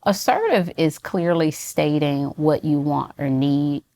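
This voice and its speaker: Female guest expert, deep voice, calm and clear explainer. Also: no echo. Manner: measured, clear, teacherly explanations. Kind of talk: calm explanatory interview talk.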